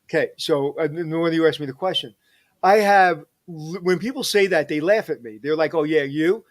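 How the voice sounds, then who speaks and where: Energetic middle-aged man telling stories. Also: fairly high pitch, brisk. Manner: energetic, animated storyteller who digresses. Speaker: interview guest, hospitality executive. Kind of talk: casual storytelling interview.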